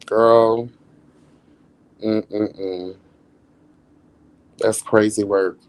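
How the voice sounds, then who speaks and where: A man's voice: fairly low pitch, very slow, clean tone. Sassy, profane man roasting reality TV. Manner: sassy, profane, calls everyone girl and bitch; laughs often, animated roasting. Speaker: reality show commentator, host. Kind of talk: live reality TV review commentary.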